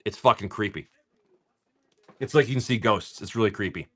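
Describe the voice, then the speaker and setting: A man's voice: lowish voice, fairly bright tone, no room sound. Tired, cussing man hosting a card stream. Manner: swears freely, teasing, chatty, reads card names off quickly. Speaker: card-breaking stream host. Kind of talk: casual live-stream chat.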